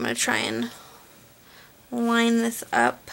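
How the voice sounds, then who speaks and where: A woman narrating her card-making tutorial in a relaxed, chatty way, thinking aloud as she works. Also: fairly high pitch, normal speed, creaky, slight background noise. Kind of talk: casual crafting tutorial voice-over.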